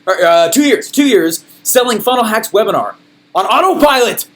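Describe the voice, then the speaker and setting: High-energy man coaching a group. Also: normal speed. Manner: high energy, emphatic, animated. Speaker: sales coach.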